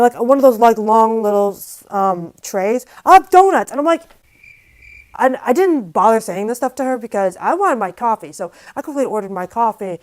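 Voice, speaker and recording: A woman vlogger telling a story to camera in a casual, animated, exasperated way, with lots of "like". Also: mid-range voice, rough recording. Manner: casual, filler-heavy speech with frequent "like".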